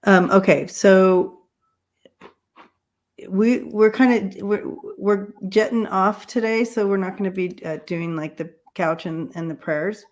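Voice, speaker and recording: A woman's voice: medium pitch, unhurried. A woman hosting a casual livestream chat who rambles, with many fillers and restarts. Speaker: livestream host.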